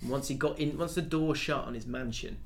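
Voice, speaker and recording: A man's voice: medium pitch, fairly quick. A young man co-hosting a casual football podcast, joking and playfully teasing his friends. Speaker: podcast co-host. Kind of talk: casual chat.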